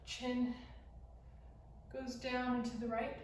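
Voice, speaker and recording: Young woman slowly walking you through dance steps, kinda out of breath, far off in a super echoey studio. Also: on the high side, flat delivery, a little hiss or hum. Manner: talks while demonstrating moves, counting and singing lyric snippets. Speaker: dance teacher. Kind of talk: casual dance tutorial instruction. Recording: very echoey room, speaker far from mic.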